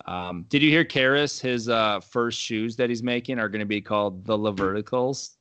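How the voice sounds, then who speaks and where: A man's voice: lowish voice, moderate pace, fairly bright tone, a little hiss or hum. A young man co-hosting a casual sports podcast, talking loosely with plenty of swearing and filler likes. He laughs easily and keeps the banter rolling. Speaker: podcast co-host.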